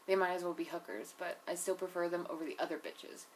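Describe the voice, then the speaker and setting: A woman's voice: fairly low pitch, steady tone, fast talker, slight background noise. Chatty, foul-mouthed young woman recapping. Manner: chatty and profane, full of "like" and "you know"; blunt, opinionated asides. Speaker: TV episode reviewer. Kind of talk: casual recap commentary.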